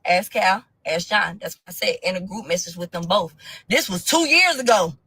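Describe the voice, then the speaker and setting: A woman telling a personal story to viewers in a blunt, profane storytime rant, swinging from low mutters to loud crying shouts. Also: animated, moderate pace, slightly rough, no room sound, low-quality recording. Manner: profane, blunt street slang.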